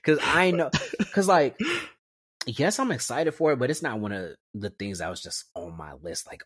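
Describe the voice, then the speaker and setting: A man co-hosting a podcast in casual chat, telling his story in an animated, slangy way and laughing often. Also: mid-range voice, normal speed, slightly rough, no echo, studio quality. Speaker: podcast co-host.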